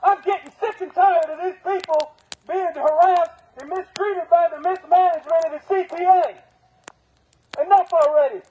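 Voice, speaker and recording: A man's voice: very high-pitched, fairly even intonation, mellow, rough recording. A man speaking as a union steward at an outdoor protest, angrily firing off rhetorical questions and curses. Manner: angry, profane, rapid rhetorical questions. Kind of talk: protest speech.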